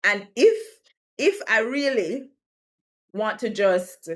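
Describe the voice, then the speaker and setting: A woman in her thirties talking casually to camera, chatty and quick to laugh, often repeating words as she rethinks a sentence, with slangy turns of phrase. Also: a little high, expressive. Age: 30s. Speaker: video creator. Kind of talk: casual direct-to-camera talk.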